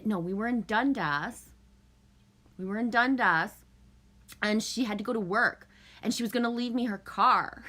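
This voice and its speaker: A woman's voice: fairly high pitch, pushed and bright. A middle-aged woman from Canada chatting casually on a livestream, chipper and profane, laughing often and greeting viewers by name. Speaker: livestream host.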